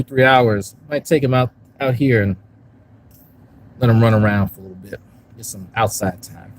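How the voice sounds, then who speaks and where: On a casual live stream, a YouTube commentary streamer with a medium-pitched, slightly breathy voice rambles and swears to his chat. He starts outdoors in a park and ends up in a parked car, and the recording is low quality.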